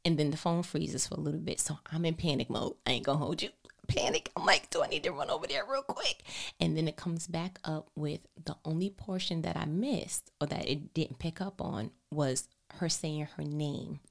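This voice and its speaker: Woman, casual storyteller, slightly low pitch, animated, frequent whispered asides. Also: moderate pace, creaky. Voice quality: drops into whispers often. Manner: animated, expressive, talks directly to listeners. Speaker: mother telling a story about her daughter.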